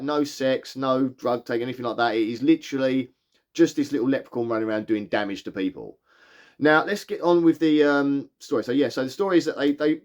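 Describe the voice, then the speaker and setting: A man giving a casual film review, enthusiastic and rambling, with frequent restarts and fillers. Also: medium pitch. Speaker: movie reviewer.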